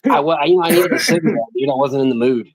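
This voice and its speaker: A man's voice: fairly high pitch, fast talker, breathy edge, dry recording. A man streaming live, telling a story in casual chat, swearing constantly and acting out what people said. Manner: profane, animated, acts out quotes in raised voices.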